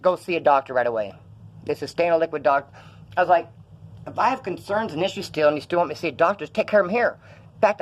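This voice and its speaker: A man's voice: a little high, muffled recording. A young man telling stories in a rambling, profane way while feeling ill, filming himself in a room. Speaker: vlogger. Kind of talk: casual rambling vlog.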